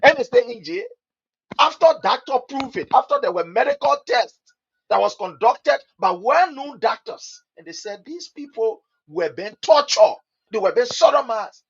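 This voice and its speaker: A Liberian man with a Liberian English accent, giving impassioned political commentary that swings between loud outbursts and low mutters, in the manner of a preacher. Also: very animated, normal speed, gravelly, slightly rough, muffled recording.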